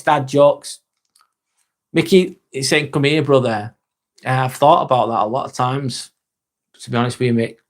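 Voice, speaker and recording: An English man hosting a casual live-stream chat, joking, teasing himself and swearing freely. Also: mid-range voice. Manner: sweary, joking and self-mocking.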